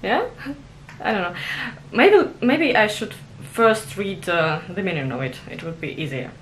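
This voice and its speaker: A woman's voice: mid-range voice, expressive, unhurried, slight background noise. A young adult woman vlogging about learning a language, self-conscious and giggly, with many fillers and restarts. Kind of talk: casual vlog monologue.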